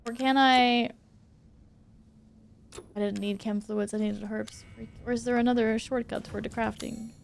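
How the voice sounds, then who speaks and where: A woman whose first language is Swedish streams a horror game live, her voice on the high side, level, gravelly and unhurried, with long pauses. She swears and exclaims at the game and talks with viewers, over slight background noise.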